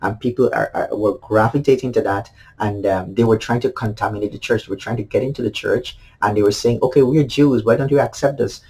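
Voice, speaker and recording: A pastor delivers a home devotional in a low, slightly husky voice. He talks earnestly and informally, repeating his main lines for emphasis. Fillers and small restarts run through his preaching. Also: steady tone, a little fast, hardly any pauses, darkish tone, poor audio. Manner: earnest, repeats key phrases, many fillers. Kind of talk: devotional sermon.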